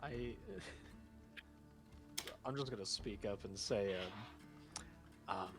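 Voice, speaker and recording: A man's voice: lowish voice, takes it slowly, music in the background. A man playing in a tabletop game, speaking up in a tentative, apologetic way. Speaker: player. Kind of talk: casual chat at a tabletop game.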